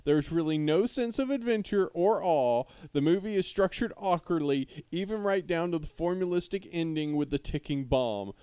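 Male podcast co-host, smooth resonant voice, dry close sound, relaxed chatty delivery. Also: fairly high pitch, moderate pace, few pauses, no echo. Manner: reads forum posts aloud, laughs often. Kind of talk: casual chat.

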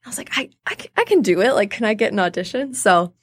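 An animated woman in her thirties talks as an interview guest. Her pitch is middling. She tells stories and acts out the people she quotes. The sound is dry and close to the mic. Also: fast talker, slightly rough, no echo. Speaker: guest, theater artist. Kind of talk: casual interview storytelling.

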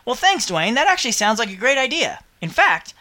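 A man's voice: very high-pitched, big pitch swings, a little fast, sharp tone. A man hosting a podcast, chatting in an upbeat way and reading out listener mail with chatty asides. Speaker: podcast host.

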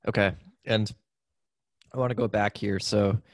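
A man hosting a podcast, giving brief reactions and asking interview questions in a relaxed way. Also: lowish voice, unhurried, no room sound, clean studio sound. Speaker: podcast host.

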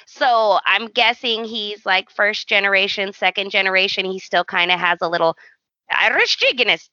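Podcast co-host, woman; lively storyteller doing the voices in her quotes, bright tone, dry dull-sounding mic. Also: medium pitch, normal speed, dry recording. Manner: animated storytelling, acts out quotes. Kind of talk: casual chat.

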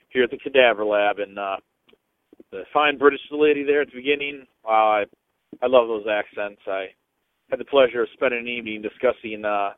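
A man's voice: medium pitch, no echo. A man leaves a loose, rambling voicemail, drifting from thought to thought with plenty of ums. The sound is thin and phone-like, dry with no room around it. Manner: casual, rambling, many ums. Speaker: voicemail caller. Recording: tinny phone line, dry.

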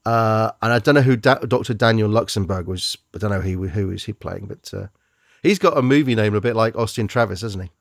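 A man's voice: on the low side, fairly quick, gravelly, no echo, clean studio sound. A man hosting a casual chat about movies, rambling and joking as he goes. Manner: rambling, jokey, trails off.

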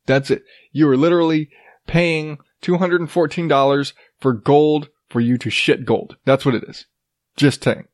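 A man's voice: a little high, steady tone, normal speed, dry recording, studio quality. A man in his thirties hosting a podcast, riffing sarcastically on odd news stories with lots of swearing and laughter. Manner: profane, sarcastic, laughs often. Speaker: podcast host. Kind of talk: casual comedic news commentary.

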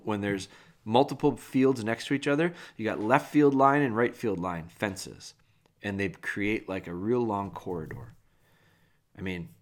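A man hosting a podcast, giving casual, plain-spoken dog training advice with a folksy, animated manner. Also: fairly low pitch.

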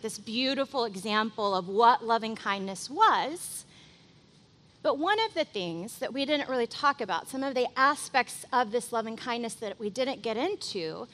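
A woman delivers a sermon in a high, bright voice. She talks conversationally and with animation, often saying "like," as if chatting with her congregation. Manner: conversational and animated, heavy use of "like". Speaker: pastor.

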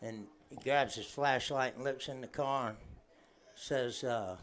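A man's voice: mid-range voice, unhurried, a bit bright. Folksy man telling jokes. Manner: folksy drawl, laughs at own punchlines. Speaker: guest joke teller. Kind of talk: telling jokes to a live crowd.

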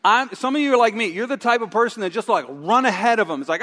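A middle-aged male pastor preaching a sermon with a live stage demonstration, animated and acting out his own inner voice with groans. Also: high voice, fast, few pauses. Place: church sanctuary. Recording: long reverb of a large hall.

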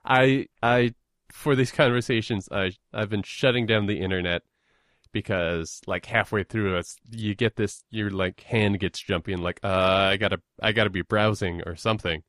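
A man with a fairly low voice muses through a casual chat, halting and restarting his words as he goes. The sound is dry, with no room around it, and he talks in an easy back-and-forth. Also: fairly even intonation, fairly bright tone, no echo.

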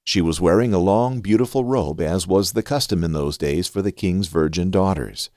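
A man hosting a podcast and reading scripture aloud in an expressive, scripted way. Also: sits low, normal speed, dry recording, clean studio sound. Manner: expressive reading with a lively rise and fall.

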